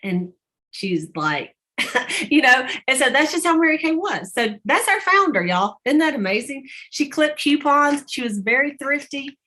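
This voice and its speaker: A woman's voice: high-pitched, big pitch swings, a little slow, pushed and bright. A middle-aged woman, chatting casually to her sales team and retelling stories with quoted voices and laughter. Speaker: sales team leader on a group call. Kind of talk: casual storytelling to a team call.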